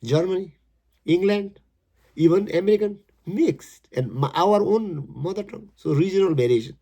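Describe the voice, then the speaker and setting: Gravelly husky man. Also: sits high, expressive, warm tone. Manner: emphatic, repeats words, non-native English with halting restarts. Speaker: poet explaining his poem. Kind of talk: casual spoken explanation.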